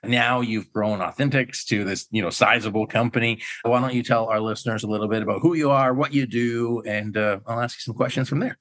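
A man hosting a podcast, chatting casually with his guest and filling pauses with "you know" and "uh". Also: medium pitch, steady tone, fairly bright tone. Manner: friendly and chatty, with fillers. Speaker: podcast host. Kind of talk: casual interview chat.

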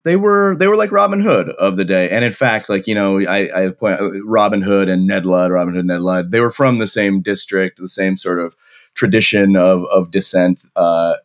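Deep-voiced man telling history at length. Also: normal speed. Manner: long flowing storytelling with many restarts. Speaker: author guest. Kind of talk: podcast interview, explaining history.

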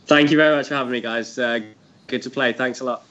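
A man's voice: medium pitch, fairly even intonation, fast talker, fairly bright tone, highs cut off. A man joining a sports podcast as a guest, hesitant and self-deprecating with small chuckles. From United Kingdom. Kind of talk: casual podcast chat.

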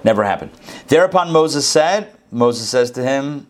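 A man's voice: medium pitch, lively intonation, measured pace. A man giving an informal scripture lesson as a Bible teacher, talking conversationally and dropping jokey asides.

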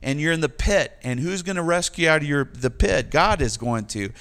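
Man, pastor, sermon, slightly high voice, lively emphatic preaching, joking asides. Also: fairly quick.

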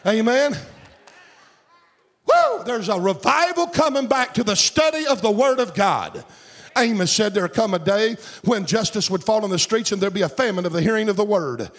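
A man preaching a fervent sermon as pastor, breaking into shouts and a sing-song cadence. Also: high-pitched, animated, brisk.

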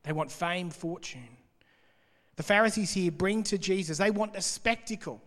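A man preaching in a big hall, his voice trailing off in a long reverb. He speaks a little higher than most men and keeps a lively, conversational style as he explains scripture. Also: moderate pace. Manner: conversational and animated, laughing between points. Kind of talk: sermon, reading and explaining scripture.

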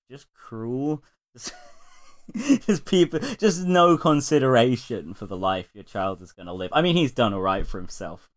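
A man's voice: medium pitch, moderate pace. Sweary, laughing podcast man. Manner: sweary, laughing, animated retelling. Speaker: podcast co-host. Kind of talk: casual chat.

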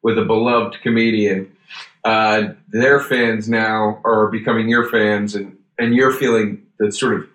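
A man's voice: on the low side, steady tone, unhurried, fairly bright tone. A man hosting a casual chat, telling rambling stories and swearing freely. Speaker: podcast host. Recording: roomy echo.

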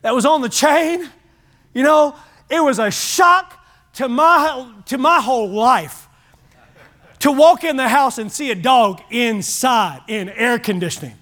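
Pastor, high voice, folksy, animated sermon that drops to a hush. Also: male voice, a little slow. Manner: animated, folksy, shifts from loud to hushed.

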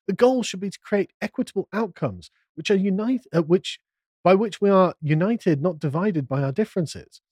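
A man's voice: sits high, expressive, normal speed, darkish tone, breathy edge, no echo, studio quality. A man hosting a casual political podcast, reading documents aloud and adding sarcastic commentary. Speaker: podcast host.

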